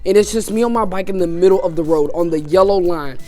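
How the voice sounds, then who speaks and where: A man's voice: sits high, fast talker, darkish tone. A man telling a personal story on his vlog in a loose, casual way, dropping "man" and "you know" into nearly every sentence. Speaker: YouTuber.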